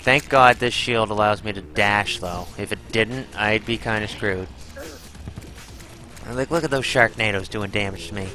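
A man's voice: lowish voice, moderate pace, pushed and bright, a little hiss or hum, poor audio. A man giving live gameplay commentary, exclaiming, groaning and swearing as he fights a boss. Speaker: gaming channel host.

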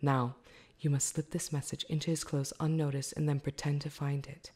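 A woman's voice: deep voice, level tone, moderate pace, a little mellow, lightly acted. A woman voicing a stern, mysterious wild man. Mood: commanding. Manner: stern, authoritative. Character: commanding wild man in a wolfskin cloak. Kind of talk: whispered role-play.

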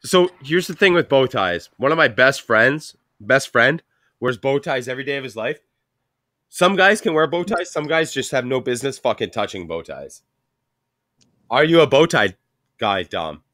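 Animated, bright-voiced joking man. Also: medium pitch, normal speed, no echo, studio quality. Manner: crude, laughing, teasing banter. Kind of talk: casual chat.

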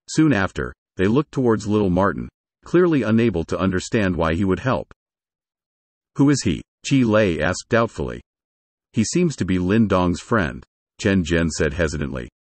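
Story narrator, man, low husky voice, lively lilt, dry close sound. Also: no room sound. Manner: steady storytelling.

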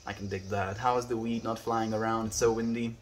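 A South African livestreamer whose first language is Afrikaans streams outdoors on a windy day. He reads the live chat aloud in a laid-back way, calling everyone his friend. His voice is fairly low, level and a little fast.

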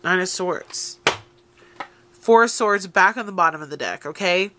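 A woman's voice: lowish voice, a little slow, noisy background. A woman giving an encouraging tarot reading, speaking straight to her listeners. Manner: encouraging, addresses listeners directly. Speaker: tarot reader. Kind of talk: tarot reading addressed to viewers.

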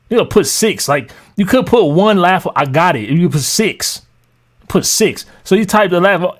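A man ranting on a live stream to his chat as a music producer, heated, mocking and profane. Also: high voice.

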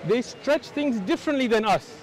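A man's voice: very high-pitched, expressive, moderate pace, poor audio. An American man debating religion on a street, insistent and lecturing, talking over the other man. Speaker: Muslim debater.

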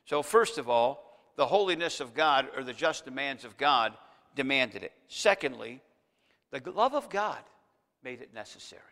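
A pastor preaches in a church sanctuary, the recording carrying a long church reverb. His medium-pitched voice is sharp, with lively intonation at a moderate pace, and he speaks directly to the congregation, building to emphatic peaks.

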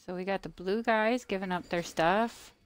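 A woman commentates on a game casually, chatting with its creatures, teasingly scolding them and at times murmuring. Her smooth voice is medium-pitched and moves at a normal speed.

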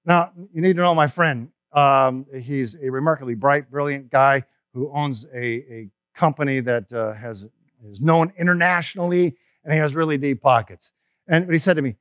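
A man's voice: mid-range voice, moderate pace, fairly bright tone, no room sound. A male pastor preaching an Easter sermon in a conversational storytelling way. He is emphatic and often restarts his phrases.

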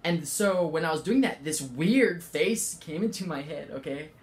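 A man giving a casual spiritual talk, rambling with many fillers and halting restarts. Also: a little high, animated. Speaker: spiritual vlogger.

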